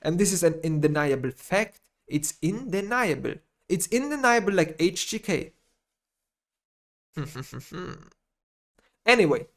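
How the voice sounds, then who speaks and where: A man ranting in a gaming vlog monologue, speaking non-native English with blunt swearing, repeating his phrases and swinging between muttering and loud outbursts. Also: sits high, lively intonation, normal speed, hardly any pauses. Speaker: gaming YouTuber.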